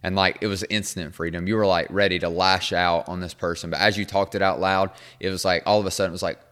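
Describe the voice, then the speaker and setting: Devotional host, male, very low voice, earnest and encouraging, casual delivery that softens to a hushed prayer. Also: level tone, fast talker, smooth. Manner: quiet and hushed when praying.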